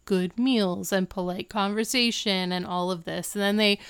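Chatty woman with a very clear voice. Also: mid-range voice, steady tone, normal speed. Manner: chatty, filler-heavy retelling with frequent "like". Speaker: podcast co-host recapping a TV episode. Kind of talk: casual chat.

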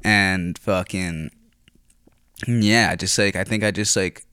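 Young Philly guy, lowish voice, dry close sound, swears and rambles through a casual story. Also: fairly even intonation, takes it slowly, pushed and bright, no room sound. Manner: rambling, profane, filler-heavy, frequent throat clearing.

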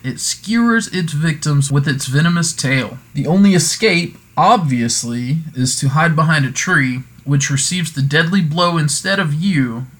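A man's voice: medium pitch, fairly bright tone. Jokey man rambling through folklore. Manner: digressive, self-correcting, jokey asides. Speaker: podcast host. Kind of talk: casual folklore talk.

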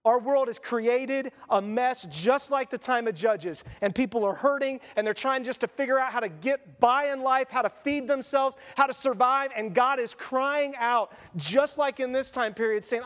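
A male pastor preaches to his church in a chatty, emphatic style. His voice sits high for a man. A long reverb rings behind every line in the big hall. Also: normal speed, few pauses, a bit bright. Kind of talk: sermon.

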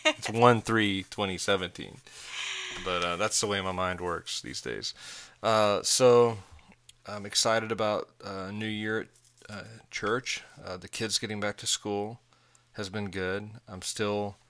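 A man in his forties tells a story in a rambling, self-mocking way. His voice sits fairly low but sounds forceful and bright. He laughs often as he goes. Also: measured pace, clean tone. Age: 40s. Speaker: podcast co-host. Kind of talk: casual chat.

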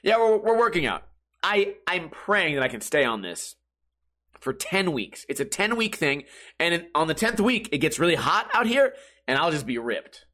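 A man's voice: on the high side, sing-song, normal speed, sharp tone. A young man hosting a comedy podcast, telling a self-mocking story casually, swearing and laughing at his own jokes. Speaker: podcast host.

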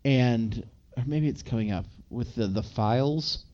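A man's voice: mid-range voice, unhurried, mellow. A man casually recapping a movie plot as a podcast co-host, rambling with lots of filler words. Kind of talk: casual chat. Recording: slightly dull lo-fi audio.

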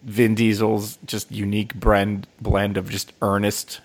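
A man's voice: fairly low pitch, level tone, unhurried. A young man co-hosting a casual film chat, ranting with lots of swearing and frequent laughter. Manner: profane ranting, laughs often. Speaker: podcast co-host.

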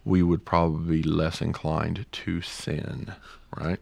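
A man's voice: rumbling low, little pitch movement, slow, gravelly, dry recording. A middle-aged man co-hosting a podcast, talking passionately in a rambling way with many restarts. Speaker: podcast co-host. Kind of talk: casual podcast discussion.

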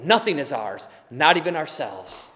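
Guy preaching hard, high voice, long echo off a big church hall. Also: sing-song, moderate pace. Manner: impassioned, builds to emphatic forceful delivery. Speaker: pastor. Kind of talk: sermon.

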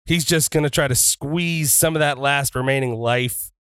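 Bright, playful man narrating wrestling moves. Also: mid-range voice, moderate pace, clean tone, no room sound. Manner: profane, playful, switches into shouted wrestler taunts. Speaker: tabletop wrestling game player. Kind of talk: narrating his wrestler's moves in a tabletop game.

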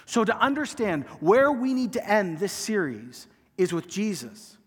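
A man preaching a sermon as pastor, acting out quoted lines with emphasis and letting phrase ends fall quiet. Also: high-pitched, sing-song, unhurried, slightly rough. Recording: long hall reverb.

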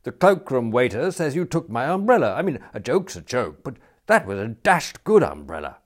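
A man voicing an indignant, flustered young clubman who talks loudly in exasperated bursts. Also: mid-range voice, big pitch swings, moderate pace, voice pushed up. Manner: loud, exasperated spluttering.

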